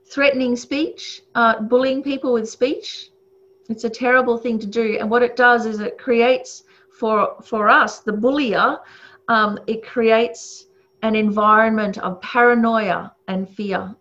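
A woman who speaks on ethics gives a casual, thoughtful teaching talk full of fillers and chuckles. Her voice is on the high side and a bit bright, captured in a muffled lo-fi recording.

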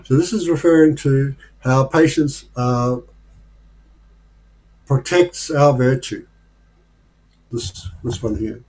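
A man leading a casual study group discussion, talking in a thoughtful, unhurried way with pauses and fillers. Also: medium pitch, a little mellow, low-quality recording.

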